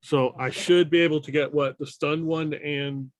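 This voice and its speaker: A man's voice: on the high side, steady tone, moderate pace, no room sound. A man playing a tabletop game, casual and checking the rules with questions. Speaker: player.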